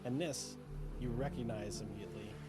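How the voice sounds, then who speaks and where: A man with a middle-pitched voice narrates a tabletop adventure as game master. He talks in a relaxed, descriptive way, with music playing behind him. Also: brisk. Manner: relaxed, descriptive, many fillers.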